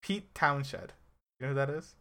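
A man's voice: medium pitch, moderate pace, fairly bright tone. A man co-hosting a casual chat about a TV episode, teasing his friend and laughing often. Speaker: podcast co-host.

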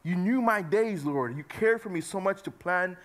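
Animated young man preaching casually. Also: moderate pace. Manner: casual, conversational preaching with frequent fillers; animated, swinging between loud emphasis and soft low asides. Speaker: youth pastor. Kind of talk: sermon.

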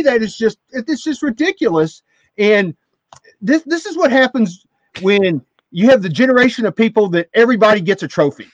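High-voiced man ranting on a lo-fi mic. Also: expressive, moderate pace, no room sound. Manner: opinionated, ranting, hesitant restarts. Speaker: podcast co-host. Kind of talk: casual chat about racing. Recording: slightly dull lo-fi audio.

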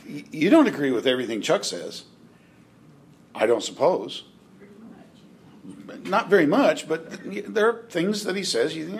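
A man teaching a Bible class in a halting way, with restarts and dry joking asides. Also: a little high, animated, vocal fry, slight background noise.

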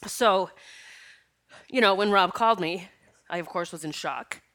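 A middle-aged woman talks through tears on her own podcast, sniffling as she goes. Her voice sits low yet comes out bright and forceful. She rambles emotionally and laughs between the tears. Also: unhurried. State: tearful, sniffling. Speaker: podcast host. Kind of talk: casual spiritual podcast monologue.

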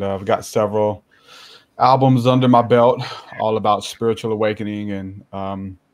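A man's voice: on the low side, darkish tone. A man introducing himself as a guest in a casual panel chat, earnest and hesitant, with many fillers. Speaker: guest hip hop artist and podcaster.

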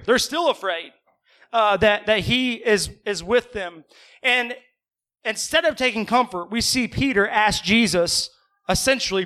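A man preaching in a church, with a high, bright and forceful voice. He talks to his congregation in a loose, conversational way, asking them questions and dropping in playful asides between Bible passages. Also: unhurried. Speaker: pastor. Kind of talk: sermon.

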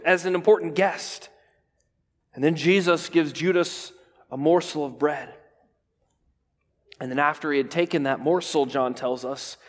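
A man delivers a sermon in a fairly high voice, leaning on pauses and letting key words sink to a hush. He often checks in with his listeners. His voice rings out with a long reverb, as in a large church. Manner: dramatic pauses, drops to near whisper on key words; preaching with restarts and rhetorical "right?". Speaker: pastor.

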